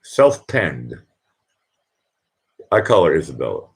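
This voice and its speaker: A live stream host from Boston chats casually in a husky, deep voice, rambling slowly with big swings in pitch. He keeps restarting sentences and repeating words.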